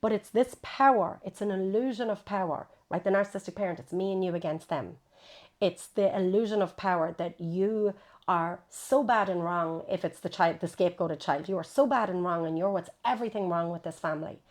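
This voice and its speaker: Brisk and animated, this woman is a psychotherapist guest in an interview, explaining concepts and performing the voices of people she quotes. She has a lowish voice.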